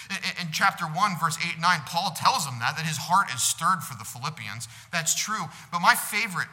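A male pastor preaching a sermon, earnest, growing loud on some phrases and dropping soft on others. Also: mid-range voice, a little fast, few pauses. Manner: earnest preaching, swells louder on God's love and drops soft on comfort. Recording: echoing hall.

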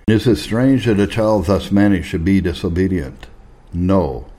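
A man reading an old instructive text aloud in a measured, formal manner. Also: deep voice, dark tone. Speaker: narrator.

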